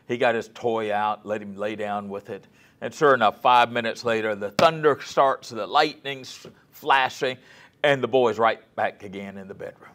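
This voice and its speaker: A man giving a guest lecture on scripture in a folksy storytelling manner, asking the audience questions and sometimes dropping to a soft, near-whispered voice for emphasis. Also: on the low side, moderate pace.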